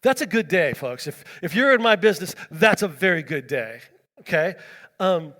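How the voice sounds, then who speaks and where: A man preaching a sermon, telling a personal story in a chatty, animated way, full of fillers and acted-out quotes. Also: high-pitched, moderate pace, big-room sound. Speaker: pastor.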